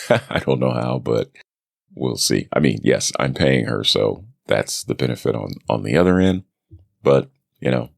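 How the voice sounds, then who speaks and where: Very deep gravelly man, chatty. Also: dry recording, studio quality. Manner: relaxed, chatty, self-deprecating asides. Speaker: podcast host. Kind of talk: casual solo podcast update. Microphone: studio microphone.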